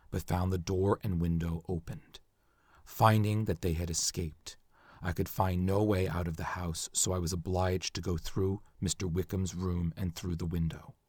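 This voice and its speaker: A man reading aloud, in a quiet, subdued voice, the confession of a convicted axe murderer from the 1800s. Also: deep voice, slightly rough, no echo, voice pushed down.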